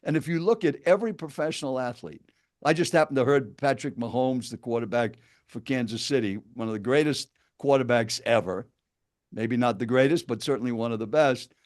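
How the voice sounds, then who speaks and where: A man's voice: medium pitch, a little fast, a little mellow. An older man presenting an interactive seminar, telling a story straight to his listeners. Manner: storytelling, addresses listeners directly. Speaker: presenting speaker.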